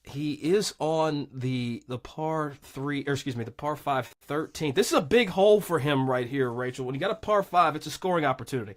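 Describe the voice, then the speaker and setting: A man doing live golf commentary, chatty and excitable, cracking jokes with his co-host. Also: fairly high pitch, normal speed, hardly any pauses.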